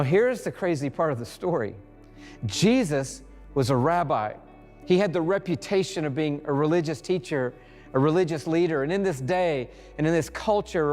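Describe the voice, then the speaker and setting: A male pastor delivering a sermon, telling the story dramatically with pauses and acted-out lines. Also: on the high side, darkish tone. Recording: reverberant hall with faint music.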